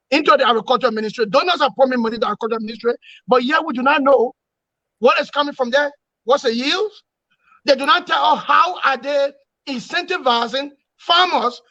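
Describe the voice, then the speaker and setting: Man, opposition commentator, emphatic, bright forceful voice, dry lo-fi sound. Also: very high voice, no room sound. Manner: emphatic, repetitive, lecturing. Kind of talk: political analysis in an interview.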